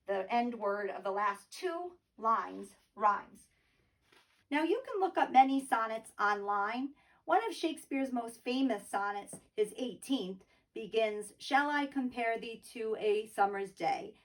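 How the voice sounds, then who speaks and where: A woman's voice: fairly high pitch, fairly bright tone, distant mic. A woman teacher giving a remote poetry lesson from home, explaining patiently and tapping out rhythms aloud.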